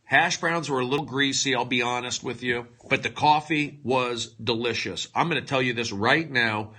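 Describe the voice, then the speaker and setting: Speaking in a husky, mid-range voice at a moderate pace, this male comedian wanders through a livestream monologue. He lurches between shouting and hushed muttering, breaking off for self-mocking, mock-dramatic remarks into a phone.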